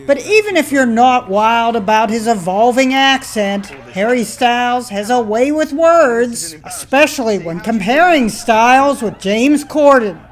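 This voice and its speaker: A woman narrating a scripted entertainment news report in a bright, playful tone. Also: fairly high pitch, animated, a little slow, few pauses.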